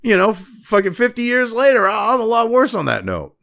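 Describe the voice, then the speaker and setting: A man in his fifties delivers a profane, mocking opinion rant as the host of his own show. His voice sits high for a man and leaps around with lively swings in pitch. A gravelly fry runs through it as he sneers and swears. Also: a little slow. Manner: angry, mocking, heavy swearing. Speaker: political commentary host.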